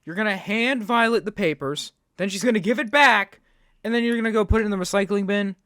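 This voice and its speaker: A man's voice: high-pitched, brisk, a bit bright, no room sound, studio quality. A man hosting a reaction video, talking sarcastically and ranting at what he watches. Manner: sarcastic, ranting, mocks with put-on quotes. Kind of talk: reaction commentary.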